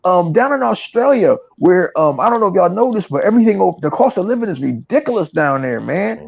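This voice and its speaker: A man hosting a podcast, ranting profanely and mocking others in an animated way. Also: high voice, fast talker, vocal fry. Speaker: podcast host. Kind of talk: casual chat. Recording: dry, dull lo-fi sound.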